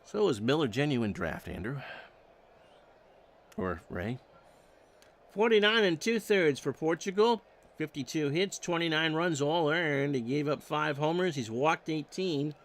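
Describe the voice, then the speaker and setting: A man's voice: fairly high pitch, lively intonation, moderate pace. A man calling baseball play-by-play, reading off stats with wry joking asides. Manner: stat-heavy calls with wry joking asides. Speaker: play-by-play announcer.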